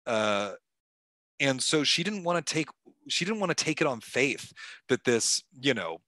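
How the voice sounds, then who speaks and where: Man, author interviewee, bright tone, dry sound, animated storytelling, frequent fillers. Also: medium pitch, a little slow, no echo. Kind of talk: conversational interview. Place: stage talk at a club event.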